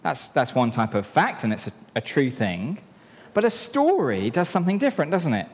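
A man preaching a sermon in a church, telling a story and drawing helpers into it in a playful, lively way. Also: fairly high pitch, moderate pace. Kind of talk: sermon with a live object lesson. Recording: long reverb in a hall.

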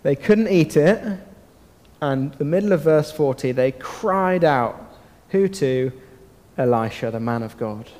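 Animated man leading a children's Bible talk. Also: a little high. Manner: animated, asks children questions, dramatic pauses. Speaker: children's talk leader at church. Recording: long hall reverb.

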